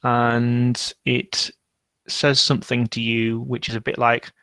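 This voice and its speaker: A man narrating a tabletop game as game master, unhurried and often searching for words. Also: medium pitch, flat delivery, sharp tone, smooth, no room sound.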